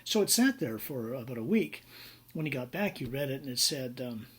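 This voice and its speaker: Husky-voiced male business law lecturer. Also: mid-range voice, very animated, moderate pace. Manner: anecdotal, conversational, many fillers. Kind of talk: recorded lecture.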